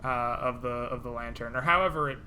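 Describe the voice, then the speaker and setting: A woman's voice: very deep voice, fast talker, bright, forceful tone, slight background noise. A woman narrating a tabletop role-playing game as game master, in a loose, filler-heavy way.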